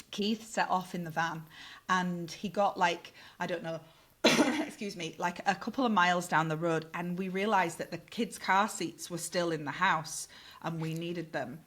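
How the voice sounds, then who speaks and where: A middle-aged woman from the north of England, a podcast guest telling a story in casual, animated talk and swearing freely. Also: on the low side, a little slow.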